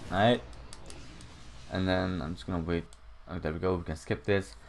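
A man's voice: low voice, fairly even intonation, moderate pace. A young man casually talking through a game tutorial at home, rambling and swearing often. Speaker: gaming channel host. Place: home room.

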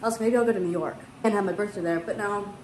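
A woman's voice: mid-range voice, darkish tone. Young woman, bubbly casual vlog chat, echoey room, noisy. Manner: bubbly, quick, chatty. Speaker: vlogger. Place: home and stores.

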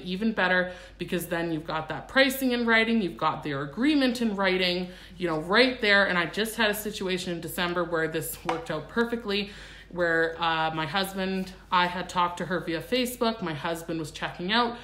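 A woman, a pet groomer, hosting a live stream in a brisk, matter-of-fact way. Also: lowish voice, fairly bright tone. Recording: roomy echo.

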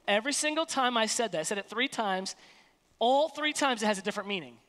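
Woman pastor, emphatic folksy sermon, lively pitch, church-hall echo. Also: fast. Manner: emphatic, colloquial preaching. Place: church sanctuary.

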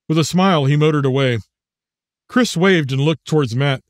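Author-narrator, male, slightly high voice, measured audiobook read, dry booth. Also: no echo. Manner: measured, even storytelling.

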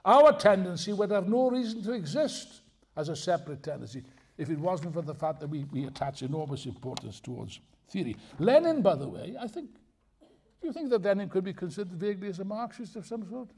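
An older man with a gravelly, husky voice delivers a live lecture to an audience. His delivery swings lively up and down, digressing into dry jokes before pressing his points with force. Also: high-pitched, a little fast. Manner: humorous, digressive, emphatic. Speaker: speaker at a political festival.

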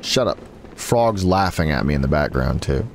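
With lively intonation at normal speed, a gaming YouTuber narrates his play, trash-talking the enemy and rising sharply in pitch when he's frustrated. Slight background noise mixes with the game sounds.

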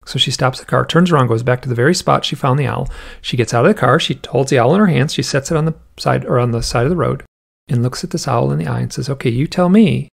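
Speaking fast with vocal fry at a medium pitch, this male interview guest rambles casually through a story. He drops in plenty of "like" asides and performs the quoted voices of its characters.

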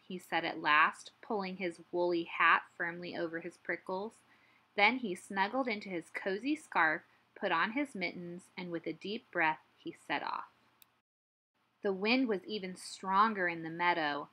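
A woman teacher reading a picture book aloud with gentle, expressive storytelling. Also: on the low side, measured pace.

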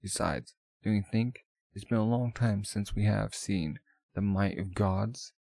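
A man's voice: on the low side, a little slow, gravelly, warm tone, no echo. A man voicing an ancient king of the gods who speaks with grand, chuckling amusement in a manga read-aloud.

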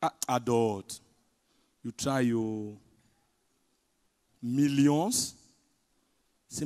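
Nigerian man, stand-up comedian, high bright voice, lively swooping delivery, echoey event hall. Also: normal speed, pauses often. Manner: animated storytelling in pidgin, big swings between loud and hushed. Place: large hotel event hall. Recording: live hall reverb.

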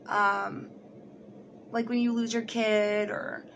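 Young woman, casual storytelling, animated, swears freely, acts out voices, faint background noise. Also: a little high, takes it slowly, lo-fi sound. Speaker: vlogger.

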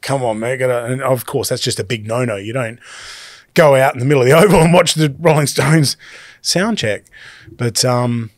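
A middle-aged Australian man, a guest DJ, telling a story in a casual and animated way, swearing freely. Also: medium pitch, moderate pace, no room sound, studio quality.

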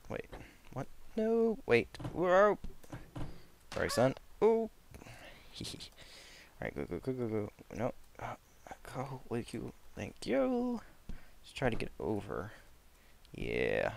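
Male let's-play host, gravelly and excitable, swings wildly from low to high, slow delivery, slight hiss under it. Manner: excitable, yelps and laughs at the action. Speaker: gaming channel host.

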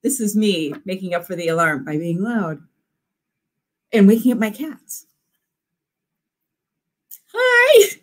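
A woman's voice: on the low side, normal speed, darkish tone. A woman author hosting a live writing stream, chatting in a bubbly, effusive way. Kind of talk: casual live-stream chat.

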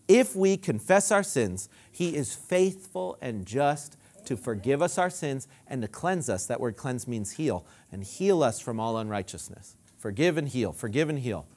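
A pastor preaching with a high, very animated voice that swoops up and down. He hammers his points home by repeating short phrases, then drops to a low, quiet voice when he quotes scripture. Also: moderate pace. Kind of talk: sermon.

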